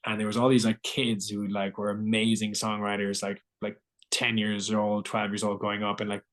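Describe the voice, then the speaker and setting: A man with a fairly low voice tells a long, rambling story in a relaxed interview chat. He fills his sentences with constant filler words and loose restarts. The delivery stays casual and conversational. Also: normal speed. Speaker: guest singer-songwriter.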